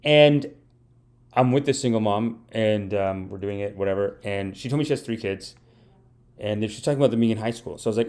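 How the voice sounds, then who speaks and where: A man's voice: lowish voice, fairly quick, darkish tone. A man hosting a live comedy podcast, telling stories in a rambling, mock-earnest style and praising himself. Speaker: podcast host. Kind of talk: comedic livestream monologue. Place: home streaming setup.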